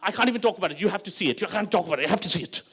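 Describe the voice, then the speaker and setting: A man with an Indian English accent performing stand-up comedy, animated and slipping into character voices. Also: high voice, rapid-fire, husky.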